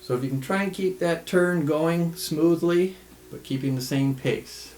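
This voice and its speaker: A man teaching tai chi in a home studio, calmly calling out the steps of a follow-along routine. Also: a little high, a little hiss or hum. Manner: calm, relaxed, calls out steps slowly. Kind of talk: follow-along movement instruction. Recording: echoey studio room.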